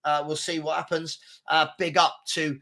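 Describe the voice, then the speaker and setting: A man's voice: fairly high pitch, level tone, normal speed, bright, forceful tone. A man hosting a casual live football chat, reading out viewer comments in a rambling, slangy way and repeating himself. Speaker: football chat show host.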